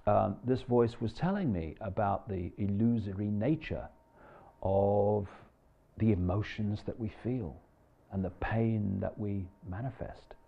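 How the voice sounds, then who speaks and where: A man's voice: fairly low pitch, creaky. A man giving a rambling, impassioned live lecture to an audience. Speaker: public speaker. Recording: dull lo-fi recording in a long-reverb hall.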